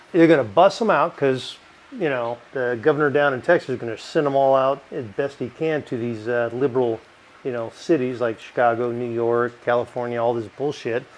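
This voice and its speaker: A man's voice: medium pitch, poor audio. A middle-aged man reviewing bourbon in a casual, rambling way, swearing often and drifting into rants. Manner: profane, rambling, ranting. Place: home in California.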